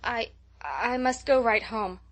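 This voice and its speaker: A woman voicing a dizzy, sick young girl who speaks slowly, thickly and haltingly, in an audiobook reading. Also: fairly high pitch, fairly even intonation. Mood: dazed. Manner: slow, thick, halting speech. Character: dizzy, sickly young girl, dazed and stubborn.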